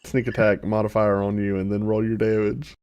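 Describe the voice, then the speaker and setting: A man running a tabletop game as dungeon master, narrating in an animated way and chuckling often. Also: on the low side, fairly quick, clean tone.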